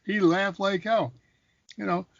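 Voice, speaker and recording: An older man, a former boxer turned actor, telling lively anecdotes in a casual interview, repeating phrases for emphasis. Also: high-pitched, unhurried, creaky, no room sound. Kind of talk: casual storytelling. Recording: dull, dry recording.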